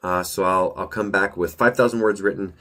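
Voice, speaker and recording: A man with a very low, deep voice gives a casual solo update, chatty and upbeat and prone to restarting sentences. A slight nasal stuffiness hangs on his speech from a recent cold and pollen allergies. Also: steady tone, a little fast, fairly bright tone. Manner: rambling, upbeat, self-correcting. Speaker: author giving a weekly update.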